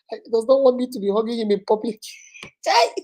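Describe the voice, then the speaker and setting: A woman's voice: a little high, normal speed, noisy background. A woman in her fifties hosting a casual live stream, chatting, laughing often and greeting viewers one by one. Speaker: host.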